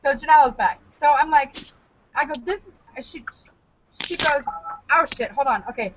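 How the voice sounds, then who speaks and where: A woman's voice: high-pitched, normal speed. A young woman co-hosting a podcast, telling a story in a loose, profane, laughing way. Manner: animated, profane, laughs a lot. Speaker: podcast co-host. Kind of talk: casual comedic storytelling. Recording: dull lo-fi podcast audio.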